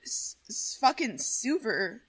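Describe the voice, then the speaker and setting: A woman hosting a casual game stream, loud and excitable, swearing often and bossing her chat around. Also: on the high side, slow, crowd noise. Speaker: streamer host.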